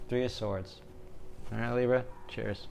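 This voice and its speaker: A man's voice: medium pitch, fairly even intonation, a little slow, gravelly, a little mellow, slight background noise. A young man giving a casual tarot reading, joking and rambling, often checking in with "right?". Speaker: tarot reader.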